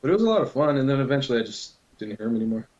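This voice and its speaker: A man's voice: medium pitch, sing-song, rapid-fire, darkish tone. A man casually telling a long prank story to a friend, loose and full of swearing. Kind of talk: casual chat. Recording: dull lo-fi recording.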